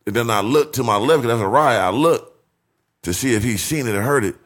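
Bright-voiced man telling a story, animated. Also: mid-range voice, fairly quick. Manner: animated storyteller, acts out voices, laughs often, heavy slang. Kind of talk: casual storytelling chat.

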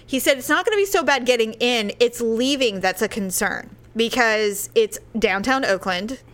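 A woman telling a story in casual chat, animated, with loud impressions of other people. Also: fairly high pitch, normal speed.

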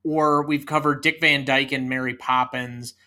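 His medium-pitched voice stays steady and sharp at a moderate pace. A man in his thirties, he co-hosts a relaxed film podcast, chatting away and driving the talk with trivia.

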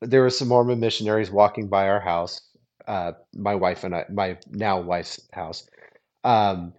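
A man's voice: lowish voice, fairly even intonation, a little slow, a little mellow, muffled recording. A man telling a story in casual podcast chat, acting out quoted lines and laughing often. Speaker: podcast guest.

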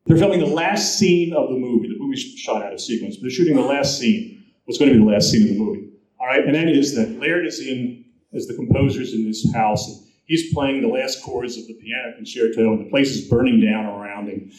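A man at a live event recounting old film stories with a storyteller's flair, slipping into the voices of the people he quotes. His voice sits at an ordinary pitch and carries the echo of a large room. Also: brisk, a little mellow. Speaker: film historian speaker. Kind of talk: anecdotal talk to an audience.

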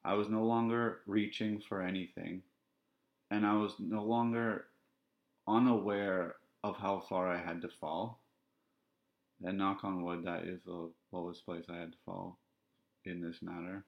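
A man with a very deep voice tells a personal story on his podcast. He talks in a reflective, halting, candid way, pausing to find words. The sound is dull and lo-fi. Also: steady tone, gravelly. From Canada. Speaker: podcast host.

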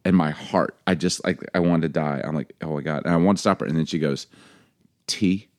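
A man's voice: rumbling low, fast talker, no echo, studio quality. A man in his forties, a father and co-host, telling family stories in casual chat and acting out the voices. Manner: animated storyteller, acts out quotes.

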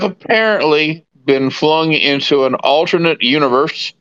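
A man's voice: medium pitch, expressive, unhurried, fairly bright tone, smooth, dry recording, muffled recording. A man playing a tabletop game, explaining at length with many hesitations. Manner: rambling, hesitant with fillers. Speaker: player. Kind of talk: casual tabletop play.

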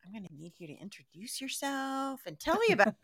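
A woman's voice: high voice, very animated, brisk, creaky, a bit bright, dry recording, clean studio sound. A woman hosting a podcast in casual chat, rambling and laughing often. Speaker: podcast host.

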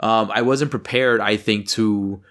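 A man co-hosting a podcast, chatting casually about a film, rambling and swearing and getting animated when something annoys him. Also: on the low side, a little slow. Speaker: podcast co-host. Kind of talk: casual movie review chat.

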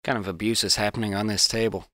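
A man's voice: fairly low pitch, fairly even intonation, quick pace, sharp tone, dry recording, studio quality. A man on a tabletop game podcast, joking and arguing in casual banter. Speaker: player.

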